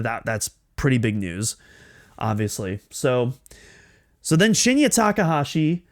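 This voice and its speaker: A young man hosting a podcast, telling a personal story in an excitable way, with many restarts and fillers. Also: mid-range voice. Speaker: podcast host.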